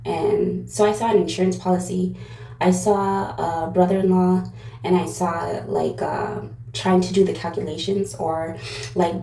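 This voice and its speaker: A woman's voice: lowish voice, vocal fry, warm tone, roomy sound, a little hiss or hum, low-quality recording. A woman giving a casual pick-a-card tarot reading, rambling and digressive with lots of fillers. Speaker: tarot reader.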